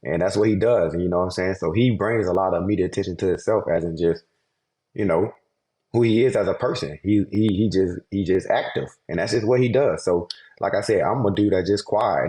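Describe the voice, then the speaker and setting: A pro football player talking casually on a podcast, laid-back and rambling with frequent fillers. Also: male voice, low voice, roomy sound. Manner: laid-back, rambling, drops into a softer apologetic tone.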